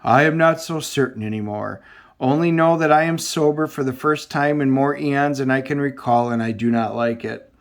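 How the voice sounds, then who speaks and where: A man's voice: medium pitch, normal speed, natural voice. A man reading the lines of a proud male thunder god from a comic, in grand, formal, old-fashioned speech. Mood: bewildered.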